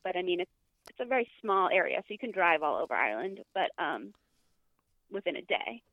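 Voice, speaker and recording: A woman's voice: fairly low pitch, big pitch swings, a little fast, no echo. Chatty woman on a tinny phone line. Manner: chatty, many fillers and restarts. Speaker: podcast guest. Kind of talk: casual chat.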